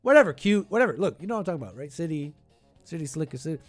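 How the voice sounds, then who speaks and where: A man with a slightly high voice hosts a podcast, riffing sarcastically on a clip and thinking out loud. His voice is dry and close to the mic. Faint music plays underneath. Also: very animated, racing, no echo. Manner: sarcastic, rambling, thinking aloud. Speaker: podcast host reacting to clips. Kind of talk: casual reaction commentary.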